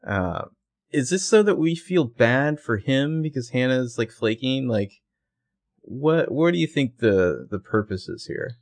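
Gravelly man musing over a TV episode. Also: mid-range voice, lively intonation, a little slow, darkish tone. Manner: musing, asks lots of questions. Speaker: podcast co-host. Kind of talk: casual chat.

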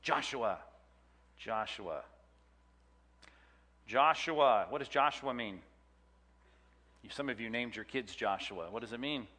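Teacher, man, bright chatty delivery, quizzes the room, long hall echo. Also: on the low side, moderate pace. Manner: chatty, jokey, quizzes the class. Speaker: Bible teacher. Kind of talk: classroom lecture with audience questions.

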